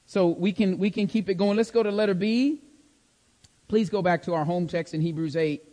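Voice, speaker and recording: A man's voice: high voice, moderate pace, warm tone. A man teaching a Bible study class, checking in often with his listeners and repeating key words for emphasis. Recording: long hall reverb.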